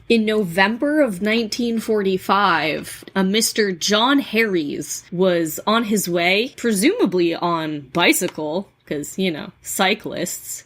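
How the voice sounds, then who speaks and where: Slow, easygoing woman telling folklore. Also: mid-range voice. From New England. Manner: relaxed storyteller with frequent ums and uhs. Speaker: podcast co-host. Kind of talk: casual chat, storytelling folklore.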